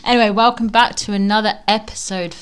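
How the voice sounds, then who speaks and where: A woman's voice: mid-range voice, a little fast, clear, resonant tone. A woman in her late twenties co-hosting a podcast, chatting casually and telling childhood stories with lots of laughter. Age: late 20s. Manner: giggly, animated storyteller. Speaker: podcast co-host. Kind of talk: casual chat.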